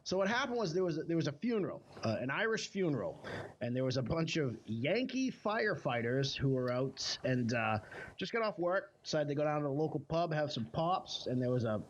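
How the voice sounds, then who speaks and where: A man with a somewhat high voice tells a story on a podcast in a loose, rambling way. He jokes along and leans on filler words. The recording is a bit muffled, with a faint hiss underneath. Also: big pitch swings, brisk. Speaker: podcast co-host. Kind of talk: casual chat, storytelling. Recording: slightly muffled podcast audio.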